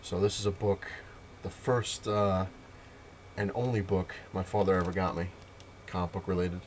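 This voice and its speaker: A man's voice: low-pitched, steady tone, normal speed, slight background noise. A man, telling a rambling, filler-heavy story to camera in his own casual vlog. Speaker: comic collector vlogger.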